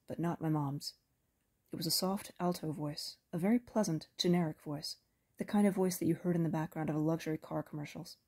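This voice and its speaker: A woman reading a first-person audiobook novel in a measured, even storytelling manner. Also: sits low, husky. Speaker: audiobook narrator.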